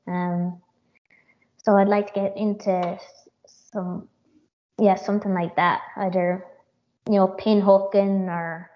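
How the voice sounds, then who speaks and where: An Irish woman, a jockey, talks through a casual interview, pausing often with fillers and restarting her sentences. The audio is muffled and lo-fi, with little top end. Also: mid-range voice, flat delivery. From Ireland. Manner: hesitant, many fillers and restarts. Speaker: jockey, guest.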